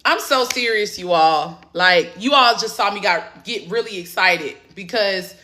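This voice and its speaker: Bright-voiced, excitable Southern woman coach. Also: mid-range voice, a little slow. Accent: Southern American. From Southern United States. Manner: excitable, enthusiastic and encouraging. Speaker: exam prep coach. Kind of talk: live stream chat. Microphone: phone camera.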